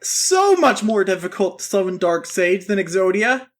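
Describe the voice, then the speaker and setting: A man's voice: sits high, very animated, normal speed. A man co-hosting a podcast, casually recapping an anime in a rambling, self-interrupting way. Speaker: podcast co-host. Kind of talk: casual chat.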